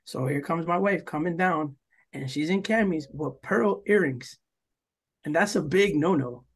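A man's voice: fairly high pitch, a little slow, breathy edge. A young man from New Jersey, co-hosting a podcast, telling a long story in a rambling, profane way and acting out what people said. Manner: rambling, profane, full of "like" and "yo", acts out quoted lines. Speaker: podcast co-host. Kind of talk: casual storytelling chat.

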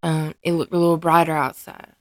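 A low-pitched woman talks a little fast with little pitch movement, and there's no echo. As host of her own podcast and a mother, she gives a candid, earnest and emotionally open monologue about her life, frequently restarting and groping for the right words.

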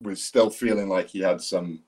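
A man's voice: deep voice, fairly even intonation, normal speed, a little mellow. A man in casual podcast chat, blunt and emphatic, swearing freely. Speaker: podcast co-host.

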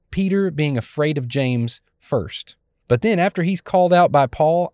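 Animated man preaching, higher voice. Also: no room sound. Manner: animated, acts out the scripture scenes. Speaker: pastor. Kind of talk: sermon.

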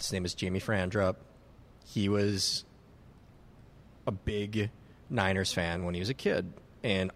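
Swearing, animated male storyteller. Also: low-pitched. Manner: animated anecdote teller, swears freely, acts out shouted quotes. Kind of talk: casual storytelling chat.

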